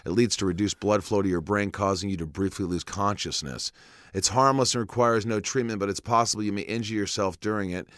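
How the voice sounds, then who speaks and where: Low-voiced man telling a story animatedly. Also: a little fast, dry recording, studio quality. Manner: animated, acts out dialogue, swears freely. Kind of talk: casual storytelling chat.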